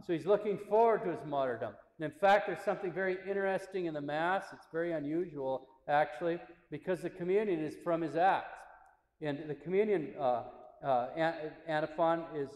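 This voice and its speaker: A priest giving a sermon and reading excerpts, with a measured, reverent delivery and small restarts. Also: male voice, on the high side, darkish tone. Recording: roomy church with long reverb.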